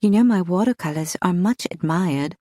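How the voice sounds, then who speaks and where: A woman's voice: lowish voice, lively intonation, normal speed, warm tone, no room sound, clean studio sound. A woman voicing a timid, earnest young woman painter who speaks eagerly and a little breathlessly.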